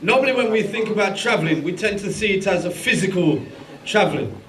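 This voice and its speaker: A man's voice: high voice, animated, fairly quick, a bit bright, a little hiss or hum. A man hosting a live tribute event, rousing the audience with questions. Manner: rousing, asks the crowd questions. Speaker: event host. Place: large hall at a live event. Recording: echoey hall, far from mic, crowd.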